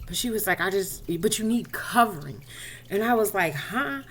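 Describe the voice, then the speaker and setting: A woman's voice: mid-range voice, expressive, moderate pace, a little hiss or hum. A woman speaking directly to listeners as she tells a personal faith testimony, casually and conversationally, and often replays the dialogue as she retells it. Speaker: inspirational speaker.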